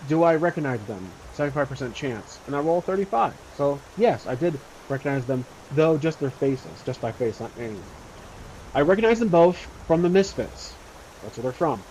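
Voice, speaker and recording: A man's voice: fairly high pitch, animated, moderate pace, a little mellow, slight background noise, poor audio. Casual man narrating a solo roleplay game. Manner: rambling, casual, many fillers. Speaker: solo tabletop role-player.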